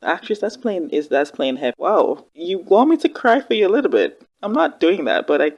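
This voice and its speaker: A woman giving casual reaction commentary on a TV drama, expressive and slangy, talking back at the screen. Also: on the low side, moderate pace, muffled recording. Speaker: reaction video host.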